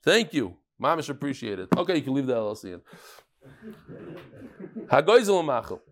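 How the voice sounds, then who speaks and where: A man teaching a daily Talmud class, lively and joking, telling stories and mixing Hebrew and Yiddish terms into English. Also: mid-range voice, quick pace.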